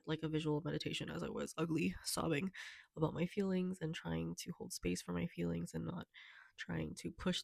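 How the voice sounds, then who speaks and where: A young woman talking softly and haltingly in a personal vlog, tearful and emotional, with many fillers. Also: on the low side, creaky, no echo, clean studio sound. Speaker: vlogger.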